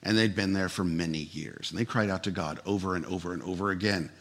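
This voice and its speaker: A male pastor delivering a sermon with a somewhat low, husky voice. He talks like he is telling a story to friends, relaxed and a little humorous. When he drives a point home he becomes earnest and emphatic. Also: fast.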